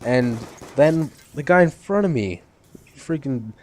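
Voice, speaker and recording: A man's voice: mid-range voice, lively intonation, slow pace, slight background noise. A teenage boy giving casual gameplay commentary, rambling through fillers and restarts with an irritated edge. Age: teens. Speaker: channel host.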